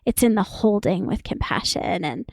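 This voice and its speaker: A woman therapist talking casually as a podcast guest, animated, acting out quoted voices and laughing often. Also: medium pitch, normal speed, gravelly, no room sound.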